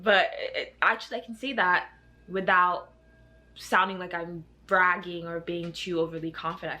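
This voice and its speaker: A woman in her twenties chats casually for her vlog. Her voice is lowish but bright and forceful. She keeps things loose and filler-heavy. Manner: chatty, laughing, filler-heavy. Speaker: law student vlogger.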